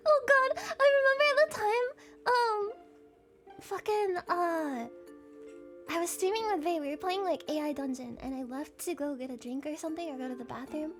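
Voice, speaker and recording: Very high-pitched giggly woman streamer. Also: normal speed, faint music behind. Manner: giggly, rambling, frequent swearing. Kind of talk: casual live-stream chat.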